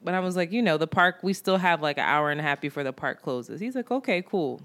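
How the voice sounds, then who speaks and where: A woman's voice: fairly low pitch, quick pace. Chatty woman telling a dating story. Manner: animated storytelling, swearing, acting out quotes. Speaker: podcast co-host. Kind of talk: casual chat. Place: New York.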